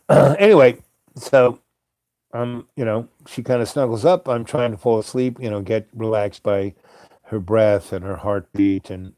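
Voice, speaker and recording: Late at night, a host with a fairly low, mellow, warm voice rambles through a story, hesitating and filling gaps with fillers and soft chuckles. The recording is dry and close, without any room sound.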